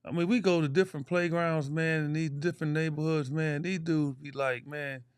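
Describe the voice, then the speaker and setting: A man in his sixties from Chicago, a former pro basketball player, co-hosting a casual podcast and telling animated stories full of slang and trash talk. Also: on the high side, normal speed, smooth, no room sound, studio quality.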